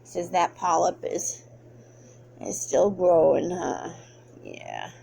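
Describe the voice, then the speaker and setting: A woman's voice: fairly low pitch, huge pitch swings, slow, vocal fry, warm tone, slightly rough. A woman talking to her pets at home in a casual vlog, slipping into cooing baby talk as she speaks for them. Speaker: pet vlogger. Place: home, indoors.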